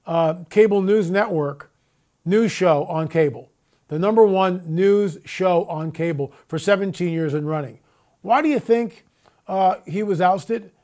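Man, high voice, radio talk host, emphatic, repeats lines, rhetorical questions. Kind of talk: casual monologue on air.

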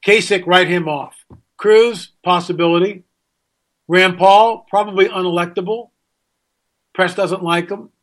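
A man's voice: high-pitched, fairly even intonation, measured pace, long pauses, fairly bright tone. A middle-aged American man hosting a radio talk show, ranting indignantly and firing off rhetorical questions. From United States. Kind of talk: opinionated radio monologue.

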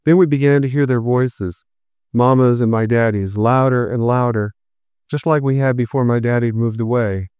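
Smooth, clear male storyteller. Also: mid-range voice, normal speed, dry recording. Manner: steady, reflective. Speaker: narrator. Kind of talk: scripted narration.

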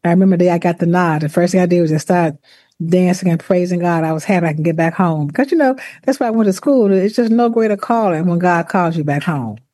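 A woman recounts her career in a measured, deliberate way, often pausing and restarting. Her voice is warm and mellow. The recording is close and dry, with no room sound. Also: lowish voice, no echo. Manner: deliberate, reflective, with restarts and laughs. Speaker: former university president, author. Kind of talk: interview, personal account.

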